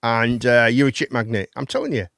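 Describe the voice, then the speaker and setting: A man's voice: medium pitch, brisk, fairly bright tone, no echo, studio quality. A man, hosting a live chat and phone-in show, rambling and swearing casually. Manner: rambling, chatty, swears casually, calls people mate.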